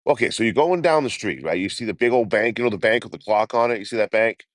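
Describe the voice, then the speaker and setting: A man's voice: fairly low pitch, lively intonation, fast, no room sound, clean studio sound, pitched above the performer's own voice, close to an everyday voice. A man imitating his long-winded older stepdad, who insists on giving directions. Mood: insistent. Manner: rambling, insistent.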